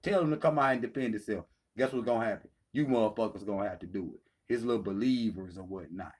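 Speaking quickly in a lowish voice with hardly a pause, a man rants on the channel he hosts. The video is a heated callout in which he taunts and swears liberally.

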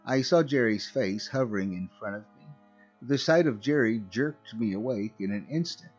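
A man narrating a scripted horror story in a slow, measured way. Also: lowish voice, expressive, breathy edge. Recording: muffled recording with faint music.

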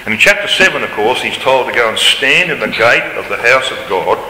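A man's voice: mid-range voice, animated, a little fast, bright, forceful tone, a little hiss or hum. A man giving an emphatic Bible study lecture, his voice rising when he reads scripture aloud. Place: large lecture hall. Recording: roomy hall reverb, faint ambience.

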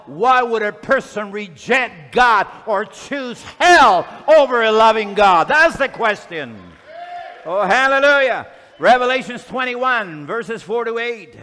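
Fervent high-voiced male preacher. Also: animated, measured pace, sharp tone. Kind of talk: sermon with scripture reading. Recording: long hall reverb.

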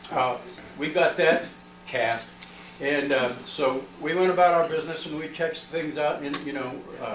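Man recounting events to a crowd, filler-heavy storytelling, miked from a distance in an echoey room. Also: medium pitch. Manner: rambling, with frequent "uh" and "you know" fillers. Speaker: researcher presenting findings. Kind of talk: storytelling talk to an audience. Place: library meeting room. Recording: roomy, distant, with faint noise.

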